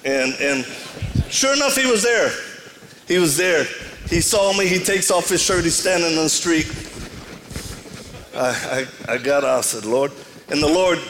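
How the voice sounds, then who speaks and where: A man's voice: a little high, a bit bright, long reverb tail, a little hiss or hum. A man with a Cajun accent preaching to a live audience, telling a story with humor and self-deprecating asides.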